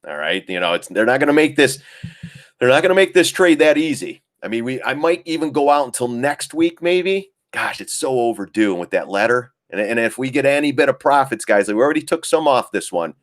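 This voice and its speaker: A man's voice: mid-range voice, expressive, brisk, few pauses, dry recording, clean studio sound. A middle-aged man hosting a casual trading live stream, rambling and joking, swearing casually and laughing often. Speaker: live-stream market host.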